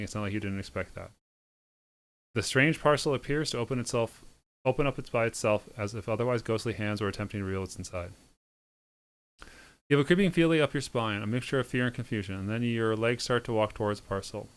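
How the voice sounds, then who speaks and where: A man reading a visual novel aloud with sardonic, deadpan asides. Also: fairly low pitch, smooth. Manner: sardonic, quick deadpan delivery with snarky asides. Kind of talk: reading game text aloud with comic asides.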